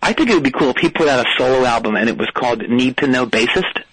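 Man playing a wired male caller, hyped-up, rambling, bouncy pitch, sharp tone. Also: lively intonation, fast talker, breathy edge, dry recording, poor audio. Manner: wired, rambling, jumps between tangents. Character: jittery hyped-up adult male caller, rock-band hanger-on. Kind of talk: comedic prank-call character.

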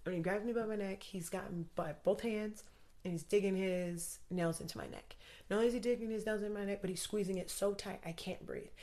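A woman's voice: medium pitch, brisk, darkish tone. A woman guest recounting a frightening personal story, talking urgently with lots of fillers. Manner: urgent, vivid retelling with many fillers.

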